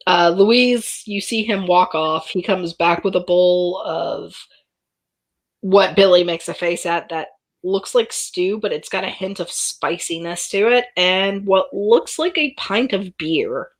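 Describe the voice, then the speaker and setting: Low-voiced woman game master. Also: slow. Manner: casual, playful narration. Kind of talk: narrating a tabletop game.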